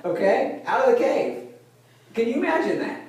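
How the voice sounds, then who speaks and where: A male pastor preaching a conversational sermon, retelling a Bible story like a lively storyteller who keeps checking in with his listeners. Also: very high-pitched, normal speed. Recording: very echoey room, voice from a distance.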